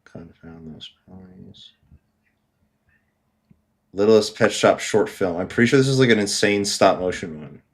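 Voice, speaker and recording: A man's voice: on the low side, lively intonation, a little fast. A man co-hosting a podcast in casual chat, rambling with lots of fillers, swearing and laughing often. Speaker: podcast co-host.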